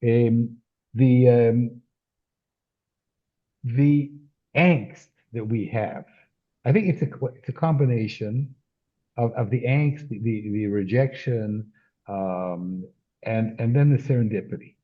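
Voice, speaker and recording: Man, host, husky and halting; phone-quality audio. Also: medium pitch. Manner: halting, restarts and repeats words. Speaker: interviewer host. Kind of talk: casual interview conversation.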